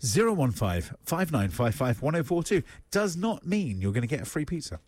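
A British man co-hosting morning radio, trading playful jokes in a husky voice. His pitch rises and falls a lot, and the studio sound is dry. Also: big pitch swings, moderate pace, darkish tone, dry recording. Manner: jokey, playful banter. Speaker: radio co-host. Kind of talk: casual morning radio chat.

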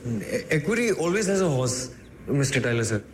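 An actor playing an earnest, literal-minded young clerk. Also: male voice, medium pitch, big pitch swings, brisk, noisy background, close to an everyday voice. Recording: film clip with clear outdoor ambience.

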